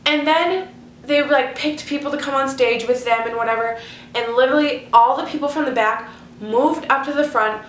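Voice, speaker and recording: A woman's voice: high-pitched, moderate pace, a little hiss or hum. Chatty teen girl vlogger. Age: teens. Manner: chatty, gushing, heavy use of "like". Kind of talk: casual storytelling vlog. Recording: echoey room.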